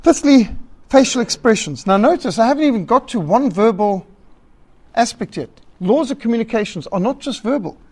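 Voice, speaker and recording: A man teaching a church group about public speaking, emphatic and lively, listing his points and acting out rambling callers. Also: very high voice, normal speed. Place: meeting hall.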